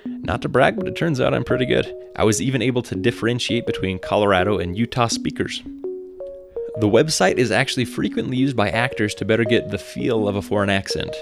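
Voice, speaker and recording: A man's voice: fairly low pitch, expressive, brisk, vocal fry, music in the background. A man with a general American accent, reading a scripted podcast narration with wry, conversational asides. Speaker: podcast host.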